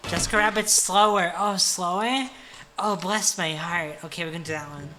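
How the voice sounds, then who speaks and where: A woman's voice: fairly low pitch, moderate pace, bright, forceful tone. A tipsy woman streamer chatting casually with viewers on a livestream, giggly and self-deprecating.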